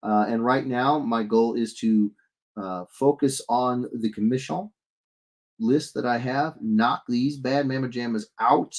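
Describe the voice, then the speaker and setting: A man's voice: mid-range voice, fairly even intonation, measured pace. A man in his thirties, an illustrator chatting casually with viewers on a live stream as he draws, joking, rambling and reading comments aloud. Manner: rambling and jokey, reads chat aloud, frequent restarts. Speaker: illustrator streaming while drawing.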